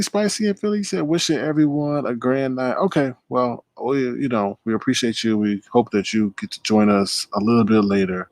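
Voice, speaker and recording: A man's voice: mid-range voice, normal speed, darkish tone, no room sound. A man hosting a casual livestream, talking loosely to his chat, repeating himself and greeting viewers. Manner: loose, repetitive, talks straight to chat. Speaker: livestream host.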